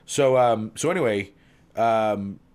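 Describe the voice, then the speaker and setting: A man casually telling long jokes as a podcast co-host, playful, jumping up in pitch for the characters in them. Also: slow pace, darkish tone, smooth.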